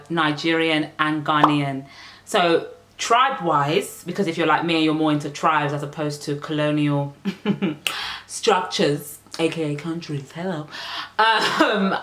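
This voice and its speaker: A woman's voice: low-pitched, a bit bright, echoey room. A young British-born woman chatting playfully to camera as a vlogger, laughing often. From United Kingdom. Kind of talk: casual chat to camera.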